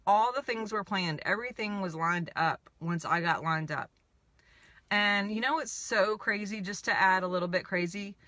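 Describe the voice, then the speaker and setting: Her voice sits at a medium pitch and a normal speed, recorded with no room sound. She's a spiritual coach telling a personal story in a chatty, animated ramble, leaning on "I'm like" asides again and again.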